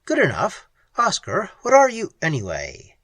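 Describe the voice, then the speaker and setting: A man's voice: high-pitched, wildly swooping pitch, unhurried, fairly bright tone, slightly rough, dry recording, voice pushed up, heavily acted. A man reading the part of a blunt, practical male explorer with dry humor. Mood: curious. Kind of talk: audiobook character reading.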